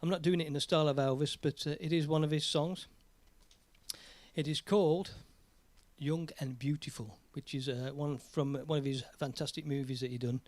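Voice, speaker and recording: An English man rambles cheerfully as he hosts his own music live stream, cracking jokes between songs. His voice sits a little high and sounds close and dry. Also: fairly even intonation, moderate pace, a little mellow, no room sound. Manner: chatty, rambling, jokey. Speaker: live stream host and singer. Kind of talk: casual live stream chat.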